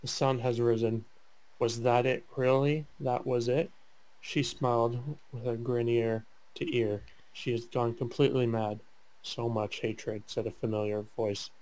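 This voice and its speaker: This man's mid-range voice has a darkish tone and stays fairly flat in pitch. Reading a fanfic aloud as a joke, he trips over words, plays it mock-serious, and swaps banter with a co-host.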